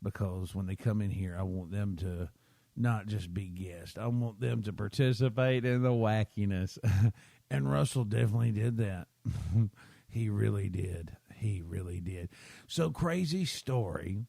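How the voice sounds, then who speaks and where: A man's voice: lowish voice, a little slow, vocal fry, warm tone, dry recording. A man, hosting a podcast and rambling through a self-deprecating story while checking in with his listeners. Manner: chatty, keeps checking in with listeners. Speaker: podcast host.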